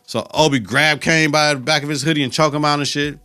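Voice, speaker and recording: A man's voice: on the high side, steady tone, quick pace, sharp tone, smooth, faint music behind. A man hosting a podcast, retelling a TV episode in a casual, profane, slang-filled way. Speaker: podcast host.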